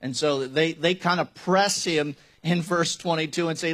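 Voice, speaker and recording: High-voiced man preaching a sermon. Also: fairly even intonation, normal speed, hardly any pauses, a bit bright. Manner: conversational, emphatic preaching with rhetorical questions. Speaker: pastor.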